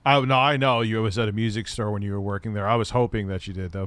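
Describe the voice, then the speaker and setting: A man co-hosting a casual chat, teasing and reacting quickly to the stories. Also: lowish voice, fairly even intonation, a bit bright, dry recording.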